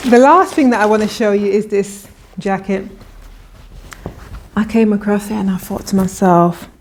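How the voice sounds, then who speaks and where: A woman's voice: medium pitch, moderate pace, a little mellow, a little hiss or hum. A woman vlogger talking casually and enthusiastically through a clothing try-on haul, often restarting her sentences. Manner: chatty, enthusiastic, with frequent restarts.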